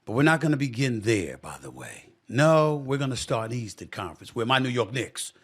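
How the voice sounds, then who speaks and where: A man's voice: medium pitch, big pitch swings, a little fast, breathy edge. A man hosting his own sports talk show, delivering an impassioned commentary monologue that repeats phrases for emphasis and addresses listeners as "y'all".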